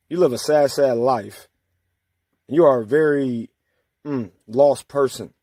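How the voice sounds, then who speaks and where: A man's voice: mid-range voice, slow pace, pauses often, mellow, no echo, clean studio sound. A man hosting his own channel, delivering an angry, taunting and profane monologue aimed at his critics. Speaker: channel host.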